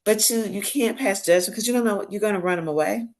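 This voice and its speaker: Speaking quickly in a mid-range voice, this woman is a podcast guest chatting casually. Her storytelling is animated, with quoted voices performed aloud and laughter woven through the tales.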